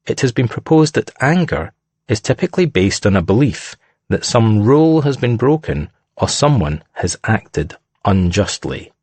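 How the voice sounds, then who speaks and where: A man delivers scripted narration at a measured, deliberate pace. His voice sits low and a little husky, and it rises and falls expressively. The recording is dry and close. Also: a little mellow, no echo.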